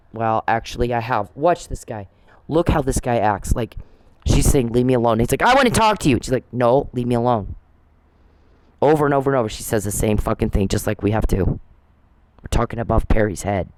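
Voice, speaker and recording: A man's voice: mid-range voice, a little mellow, poor audio. Profane ranting man. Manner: profane, repetitive, restarting often. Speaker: commentator on a dispute. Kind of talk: casual ranting commentary.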